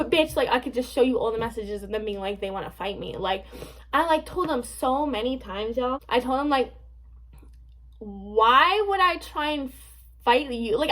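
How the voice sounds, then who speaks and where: A young woman tells a casual storytime rant to her camera, her voice sitting a little high. She swears freely and leans on fillers, sounding amused and dismissive. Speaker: vlogger.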